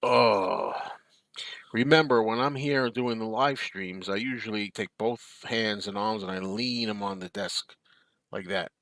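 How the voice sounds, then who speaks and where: A man's voice: on the low side, measured pace, fairly bright tone, no room sound. A man hosting a live stream from his desk at home. He chats casually and reads out viewer comments, answering them in an easygoing way and chuckling often. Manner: easygoing, chuckling, talks back to chat.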